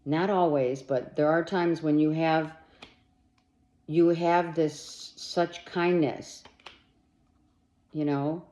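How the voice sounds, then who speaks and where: A woman's voice: low-pitched, steady tone, slow, pauses often, warm tone. A woman giving a monthly tarot reading straight to the listener, blunt and emphatic, swearing freely and urging them on. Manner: talks straight to the listener with urgent reassurance. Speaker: tarot reader.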